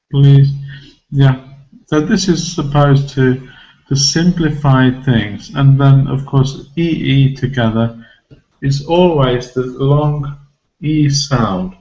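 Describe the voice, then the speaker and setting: Slow, patient male English teacher. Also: medium pitch, a little mellow, muffled recording. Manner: patient, explains step by step with repeated examples and questions to the class. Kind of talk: classroom teaching.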